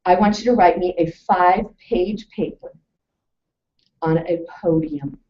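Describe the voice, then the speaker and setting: A woman presenting a lively talk to a live audience, telling stories and asking questions. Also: fairly low pitch, unhurried. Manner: animated storytelling, asks the audience questions. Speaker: webinar presenter. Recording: distant mic, muffled lo-fi sound.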